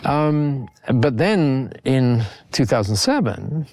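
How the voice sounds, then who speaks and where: An older Australian man, a podcast guest, telling stories in an animated way, often repeating words and laughing between points. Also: medium pitch, takes it slowly. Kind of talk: conversational podcast storytelling.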